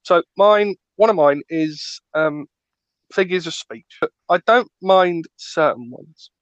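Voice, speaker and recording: Ranting man with fairly high pitch. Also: slow pace, no echo, dull audio. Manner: ranting, playful, acts out scenes. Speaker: podcast co-host. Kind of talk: casual chat.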